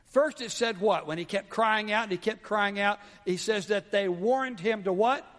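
High-voiced preacher in a reverberant hall. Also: male voice, moderate pace. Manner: dramatic, swings from soft low drops to raised exclamations. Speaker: pastor. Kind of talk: sermon.

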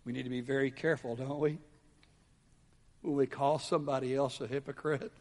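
A male pastor preaching a sermon with dramatic swings between hushed low drops and raised exclamations. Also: fairly even intonation, brisk. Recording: long hall reverb.

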